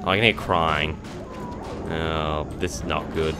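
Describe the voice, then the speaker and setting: A young man giving jokey, excitable gameplay commentary, talking back to the monsters on screen. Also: extremely low pitch, measured pace, noisy background. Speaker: let's play gamer.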